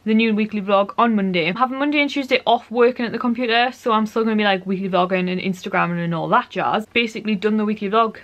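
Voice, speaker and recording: A young woman chats excitedly straight to camera in a home vlog. She gushes, rambles and leans on "like" as she talks, in her everyday speaking voice at a middling pitch. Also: fast talker, hardly any pauses. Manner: gushing, chatty, repeats "like" often. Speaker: vlogger. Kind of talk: casual vlog chat. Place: home room.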